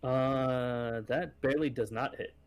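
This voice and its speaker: A man running a tabletop game as game master, easygoing and often pausing with fillers. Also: medium pitch, steady tone.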